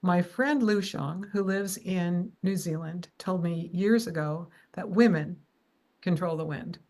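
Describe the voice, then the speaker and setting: A woman's voice: lowish voice, measured pace, warm tone. A woman hosting a casual conversation, chatty and encouraging, telling anecdotes. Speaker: podcast host.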